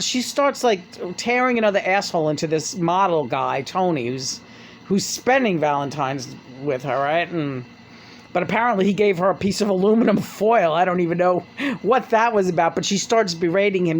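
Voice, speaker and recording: A podcast host chats casually while retelling a memoir, at an ordinary middle pitch. The talk rambles, swears freely and stumbles over restarts. A faint hum of ambience sits behind the voice. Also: lively intonation, moderate pace. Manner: rambling, profane, full of restarts.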